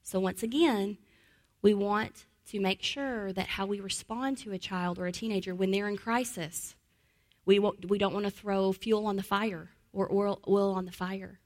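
A woman teaches trauma-informed care in a middle-pitched voice. She repeats key phrases for emphasis and often lowers into a calm, gentle tone to show how to soothe a child. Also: normal speed. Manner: drops to a calm, soft voice to model soothing words. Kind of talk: teaching talk.

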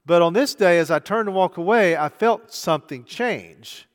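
A middle-aged man preaching a sermon, telling a story conversationally and moving between hushed and loud delivery. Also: high-pitched, lively intonation, normal speed. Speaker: pastor. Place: church sanctuary. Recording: long church hall reverb.

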